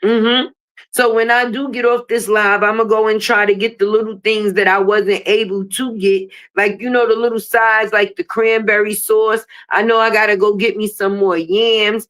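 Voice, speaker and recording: A woman's voice: medium pitch, a bit bright. A woman hosting a casual livestream while sick and sniffly, chatting straight to her viewers and swearing freely. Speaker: livestream host.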